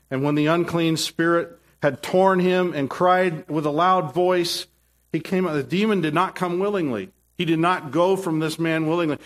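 Brief: middle-aged male pastor, sermon delivery, slow, emphatic, fairly high voice. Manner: emphatic, repetitive, with many restarts.

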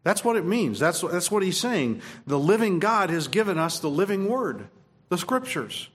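A man's voice: high voice, sing-song, moderate pace. A man preaching a sermon, emphatic, repeating phrases and restarting his sentences. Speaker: pastor.

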